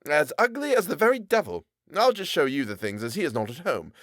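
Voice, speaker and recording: Dude playing a bragging tailor, loud-ish, swoopy, gossipy. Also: male voice, on the high side, very animated, brisk, no room sound, studio quality, pitched above the performer's own voice. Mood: blustering. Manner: blustering, gossipy. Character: boastful chatty male tailor. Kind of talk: audiobook character voice.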